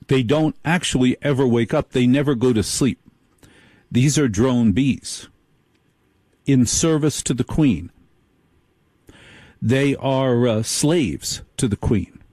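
Slow-talking guy with a dark mellow voice, sardonic comic riff, dry sound. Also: medium pitch, lively intonation, dry recording. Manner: sardonic, storytelling. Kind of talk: comic monologue.

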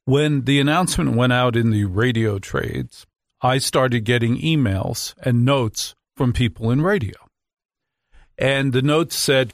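A man's voice: mid-range voice, unhurried, dry recording. A man hosting a nightly radio talk show, talking into a studio microphone with sarcastic, mock-outraged asides.

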